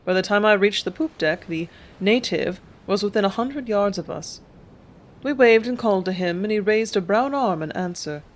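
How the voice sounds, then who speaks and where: Calm woman reading an audiobook. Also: medium pitch, moderate pace. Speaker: audiobook narrator. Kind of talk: audiobook reading, first-person memoir.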